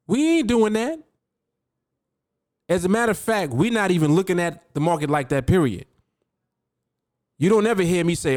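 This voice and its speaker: A man coaching on his podcast with a fairly high voice that swings widely in pitch. He hammers his points home with repetition and talks right to the listener. The sound is close and dry, with no room around it. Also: lively intonation, moderate pace, long pauses, a little mellow, no room sound. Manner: emphatic, repeats key words, addresses the listener directly. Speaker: podcast host and trading coach. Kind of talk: motivational podcast talk.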